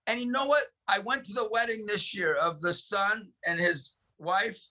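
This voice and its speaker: Intense, bright-voiced man preaching. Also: high-pitched, normal speed. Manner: intense, preachy, shouts for emphasis. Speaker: guest, ministry director. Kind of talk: impassioned storytelling.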